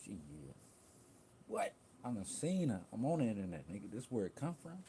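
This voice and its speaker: A man's voice: on the low side, sing-song, moderate pace, mellow, a little hiss or hum. A young man talking bluntly and profanely in a rambling livestream rant, jumping between thoughts. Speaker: livestream host.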